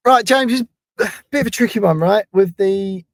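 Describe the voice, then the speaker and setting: A man's voice: high voice, normal speed, no echo. A man hosting a football podcast in a chatty, self-mocking way. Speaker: podcast host. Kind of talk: casual podcast chat.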